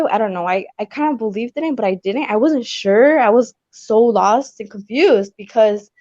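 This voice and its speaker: A young woman telling her personal story on a video call, rambling with lots of "like" and quick apologies. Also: fairly high pitch, darkish tone, no room sound, lo-fi sound. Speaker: guest sharing her story.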